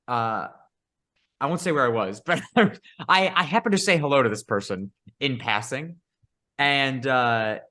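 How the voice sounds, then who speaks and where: A man's voice: medium pitch, bright, forceful tone. A man co-hosting a podcast, telling stories in casual chat with lots of swearing and laughter. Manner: profane, laughing storyteller. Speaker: podcast co-host.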